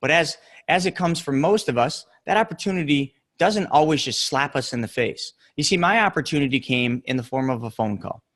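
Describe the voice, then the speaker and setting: Earnest motivational man, slightly high voice. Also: expressive, fairly bright tone. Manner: earnest storytelling, emphatic pauses. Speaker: real estate investor and coach. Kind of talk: motivational talk to camera.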